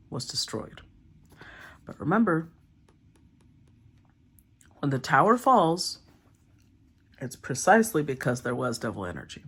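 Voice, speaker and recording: A woman giving a casual tarot reading, thinking aloud, often clearing her throat and murmuring as she names the cards. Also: low voice, fairly bright tone. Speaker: tarot reader.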